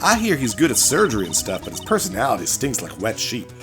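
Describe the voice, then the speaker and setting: A brash young country woman with a twang, as a man puts her on, loud and plainspoken, her voice bouncing through a wide range. She talks straight and rough around the edges. Faint music runs behind. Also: medium pitch, wildly swooping pitch, quick pace. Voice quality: folksy, plainspoken. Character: blunt young country woman, nosy photographer.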